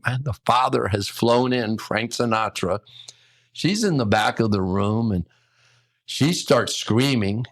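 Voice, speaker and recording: An older man, a hotel general manager, telling a story in a lively way and acting out the quotes. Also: on the low side, gravelly, no echo. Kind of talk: casual storytelling.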